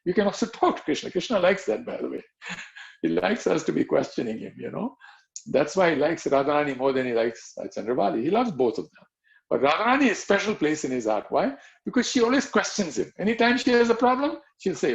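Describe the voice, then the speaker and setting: A man's voice: on the high side, sing-song, quick pace, vocal fry. A man giving an informal devotional talk over a video call, chatty and conversational, full of asides. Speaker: devotional teacher. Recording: dull lo-fi online call audio.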